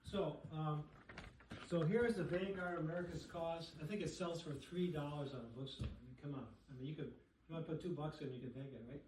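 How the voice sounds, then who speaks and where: A man's voice: on the high side, brisk, darkish tone, a little hiss or hum. A man casually presenting books to a dinner group, often checking in with "okay?" and "right?". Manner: chatty, keeps asking "okay?" and "right?". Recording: echoey room, voice from far off.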